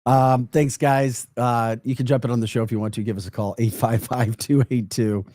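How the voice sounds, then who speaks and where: A man's voice: medium pitch, moderate pace, no room sound, studio quality. A male morning radio host with a St. Louis Midwestern accent, chatting and joking casually on air. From St. Louis, Missouri. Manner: chatty, joking, animated asides. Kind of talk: casual radio show banter.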